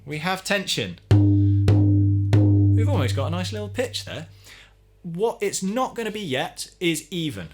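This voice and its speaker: Calm man teaching drum tuning. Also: high-pitched, a little slow, faint music behind. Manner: calm, methodical, talks while working. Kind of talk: hands-on tutorial demonstration.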